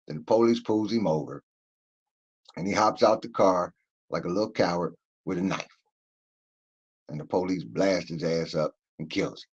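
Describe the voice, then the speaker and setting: A man rants to his livestream audience in a low, heavy voice. He is blunt and profane, hammering his points home straight to the viewers. The sound is dull and lo-fi. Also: slightly rough. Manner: emphatic, profane, addresses viewers directly. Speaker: livestream host. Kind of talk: casual commentary rant.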